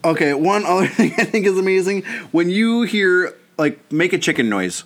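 A man co-hosting a podcast, telling a long story in a casual, animated way and often breaking into laughter. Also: sits high, moderate pace. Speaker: podcast co-host. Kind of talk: casual chat.

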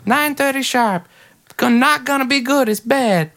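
A man's voice: very high voice, unhurried, fairly bright tone, voice pushed up, heavily acted. A man voicing a fussy Italian man who gives clipped warnings about bedtime. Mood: stern. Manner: clipped, sing-song warnings.

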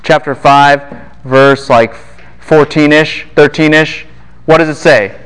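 A man giving a Bible lecture to a class, animated and quick to fire questions at his students. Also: fairly high pitch, clear, resonant tone.

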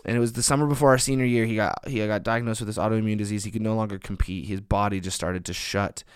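A man's voice: on the low side, fairly even intonation, fast talker, clear, resonant tone, no room sound, clean studio sound. A young man preaching a sermon, earnest and emphatic, building on repeated phrases.

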